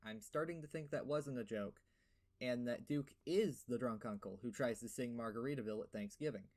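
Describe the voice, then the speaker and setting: Darkish in tone and mid-range, this gaming host's voice carries a sarcastic, profane review voiceover. He's a young man with a lisp who rants and fills his speech with fillers.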